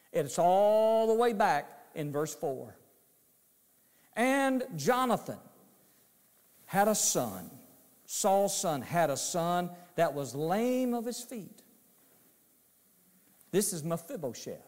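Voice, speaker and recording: Slow, lively-pitched male preacher in a hall. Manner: emphatic, repetitive, dramatic storytelling. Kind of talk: sermon.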